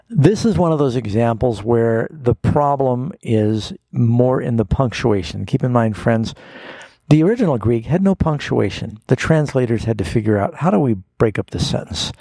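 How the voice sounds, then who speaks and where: A male pastor on a call-in radio show, walking listeners through scripture at an unhurried teaching pace. His voice is gravelly and husky, and it is heard dry and close. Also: medium pitch, expressive, warm tone, dry recording. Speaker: pastor answering Bible questions.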